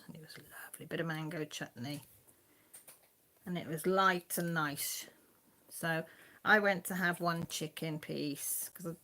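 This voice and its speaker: A woman with a low, creaky, fairly bright voice hosts a crafting channel live stream from home. She rambles chattily to her viewers and her dog while filming on a phone.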